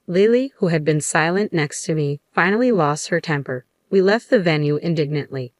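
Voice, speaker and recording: A woman reading a scripted first-person story in an even, steady manner. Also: sits low, moderate pace, hardly any pauses, dry recording, studio quality.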